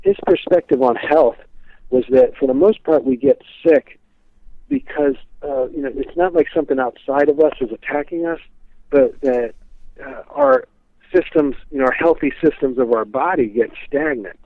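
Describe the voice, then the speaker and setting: A man's voice: medium pitch, expressive, moderate pace, dry recording. Male guest, casual rambling storyteller, heard over a thin phone line. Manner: rambling, many "you know" fillers. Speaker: guest speaker on a psychic's teachings.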